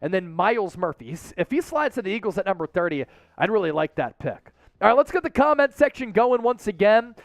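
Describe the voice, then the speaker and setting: A man hosting a live sports draft stream, talking straight to his chat in an excitable, casual way. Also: sits high, brisk, no echo. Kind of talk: live-stream commentary, chatting with viewers.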